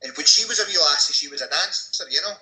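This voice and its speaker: A Scottish man calling in to a podcast, reminiscing in an unhurried, casual way. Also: on the high side, lively intonation, bright, forceful tone. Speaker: caller. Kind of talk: casual chat. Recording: roomy echo.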